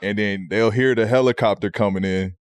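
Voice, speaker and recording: A man hosting a podcast, chatting in an animated, slangy way and laughing along. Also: lowish voice, brisk, clean tone, dry recording, studio quality. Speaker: podcast host. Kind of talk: casual chat.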